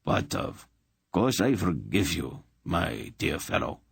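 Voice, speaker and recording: A man's voice: sits low, very animated, slow, gravelly, husky, dry recording, exaggerated voice. A man voicing an urbane, cruel emperor in an audiobook, speaking with silky, polite menace.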